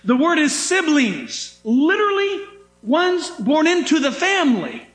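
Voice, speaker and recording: A male pastor preaching with animated, emphatic delivery and dramatic asides. His voice sits very high and rings through a roomy church sanctuary. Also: a little slow. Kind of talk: sermon. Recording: echoey room.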